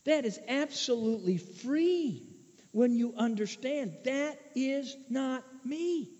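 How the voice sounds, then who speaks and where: A man preaching a sermon, swinging between hushed asides and loud shouted peaks. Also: sits high. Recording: muffled echoey hall recording.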